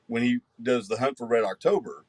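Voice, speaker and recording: A man, co-hosting a podcast in animated, emphatic casual chat. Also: mid-range voice, a little fast, slightly rough, no echo. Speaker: podcast co-host.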